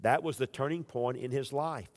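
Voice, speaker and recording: A man preaching a sermon as pastor. He moves between loud, raised emphasis and hushed, low passages. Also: normal speed, big-room sound.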